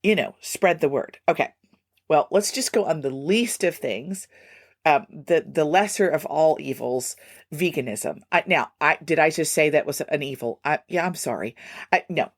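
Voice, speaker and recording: A woman hosting a solo music podcast, chatty and animated with self-deprecating asides. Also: low voice, no room sound, clean studio sound. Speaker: podcast host. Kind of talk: casual solo podcast talk.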